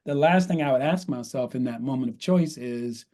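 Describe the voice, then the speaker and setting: A man's voice: mid-range voice, normal speed, mellow. A man who is a guest on a podcast, explaining workplace advice in numbered steps and often checking in with "right?". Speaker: guest coach on workplace conversations.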